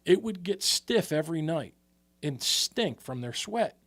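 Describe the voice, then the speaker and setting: A man's voice: on the high side, expressive, measured pace, fairly bright tone, no echo. A man co-hosting a podcast, telling long rambling stories in casual chat and swearing freely. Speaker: podcast co-host.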